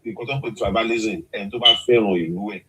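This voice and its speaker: Man on a talk show, fairly low voice, making his point hard. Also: fairly even intonation, rapid-fire, very noisy. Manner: emphatic, switches between Yoruba and English. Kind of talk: radio discussion.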